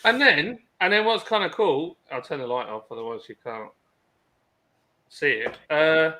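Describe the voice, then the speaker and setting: A man joining a livestream over a video call, animated and joking, showing off a gadget to the others. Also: fairly high pitch, normal speed, a little hiss or hum. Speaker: livestream guest. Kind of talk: casual chat.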